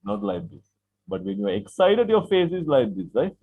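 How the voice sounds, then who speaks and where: A man's voice: mid-range voice, husky. A man teaching an English class online, repeating phrases, asking "right?" to check understanding and acting out example sentences. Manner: acts out example sentences with lively, drawn-out delivery. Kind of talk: online English lesson explaining vocabulary. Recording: tinny call-like line from an online class.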